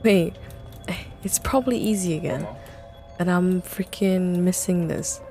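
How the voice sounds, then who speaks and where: A woman's voice: on the low side, a little slow, mellow, soft background music. A young woman streaming a horror game live, talking to her chat with jumpy remarks and plenty of swearing. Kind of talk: live gameplay commentary.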